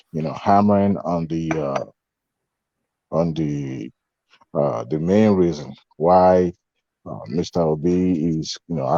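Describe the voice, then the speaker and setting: A man giving closing remarks on an online panel, speaking slowly with many pauses and fillers. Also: low voice, creaky, dark tone, no room sound, lo-fi sound. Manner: slow, halting, many fillers.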